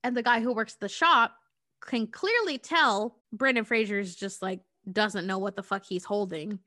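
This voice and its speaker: Bright-voiced woman recapping a movie. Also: medium pitch, unhurried, no echo, studio quality. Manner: profane, animated storytelling. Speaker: podcast co-host.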